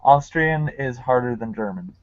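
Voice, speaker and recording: A man's voice: medium pitch, moderate pace, lo-fi sound, a crowd in the background. A man in a casual chat, telling stories and laughing at himself. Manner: laughing, self-mocking storyteller.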